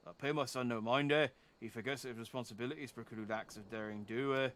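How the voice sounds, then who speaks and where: A man's voice: mid-range voice, fairly even intonation, fairly bright tone, close to an everyday voice. A man voicing a frail, gracious older father with a put-on Canadian accent, ending his lines with "eh?". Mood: earnest. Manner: ends lines with a drawn-out "eh?".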